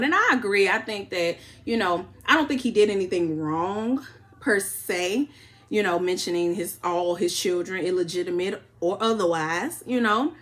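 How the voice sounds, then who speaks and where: Animated Chicago woman recapping a show. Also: mid-range voice, normal speed. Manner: animated retelling, acting out quotes with laughs. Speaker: reality show recap host. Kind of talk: casual recap chat.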